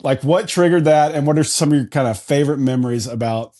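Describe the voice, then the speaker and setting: Slightly high-voiced man asking questions. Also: fast talker, mellow. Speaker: podcast host. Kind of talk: casual interview questions.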